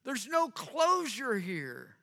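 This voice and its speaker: A man's voice: extremely high pitch, huge pitch swings, takes it slowly, sharp tone, exaggerated voice. A male preacher voicing a grieving woman weeping at an empty tomb, with a raised, pleading, breaking voice. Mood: grieving, desperate. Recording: long reverb of a large hall.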